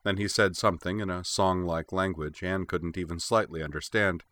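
A man narrating a fantasy audiobook in a measured, even storytelling voice. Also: sits low. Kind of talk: scripted narration.

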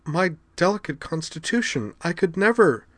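A man voicing a spoiled, scheming young noblewoman, shrill and protesting. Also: sing-song, moderate pace, fairly bright tone, dry recording.

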